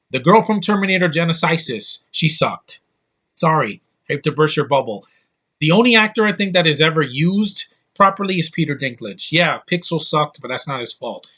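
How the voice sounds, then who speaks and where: A YouTube vlogger delivers an angry opinion rant, blunt, frustrated and exasperated, swearing often. His voice is a little high and sharp, brisk, with lively intonation.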